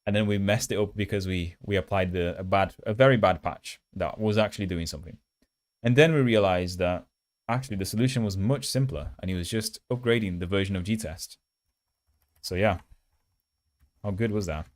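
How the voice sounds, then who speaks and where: Low-voiced man chatting on a coding stream. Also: moderate pace, no echo. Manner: chatty and self-mocking, reads chat aloud; holds mic close in a mock ASMR voice. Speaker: coding livestream host. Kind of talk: casual livestream chat while coding. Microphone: handheld mic held close.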